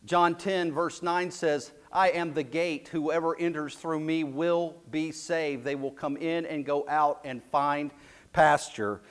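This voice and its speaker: A man preaching a sermon as pastor, slow and emphatic, dropping his voice low and soft for key lines. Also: fairly even intonation, smooth. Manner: slow, emphatic preaching with dramatic drops to a hush.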